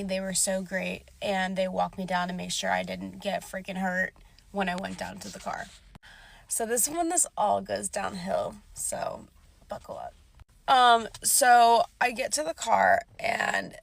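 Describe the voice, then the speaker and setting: Young woman, creaky gravelly voice, casual storytime, chatty, says "like" a lot, swears. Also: mid-range voice. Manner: chatty, lots of "like", swears freely.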